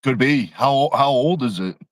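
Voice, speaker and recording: A man's voice: medium pitch, lively intonation, unhurried, no room sound, poor audio. A young man co-hosting a casual livestream, laughing often and trailing off mid-sentence. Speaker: co-host of a livestream.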